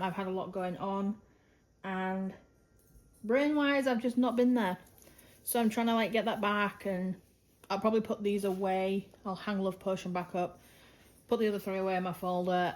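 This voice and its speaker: A woman talking casually at home in a craft vlog, rambling along with lots of "like" and "um". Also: medium pitch. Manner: chatty and rambling, many "like" and "um" fillers. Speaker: craft vlogger. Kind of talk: casual monthly roundup vlog. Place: at home indoors.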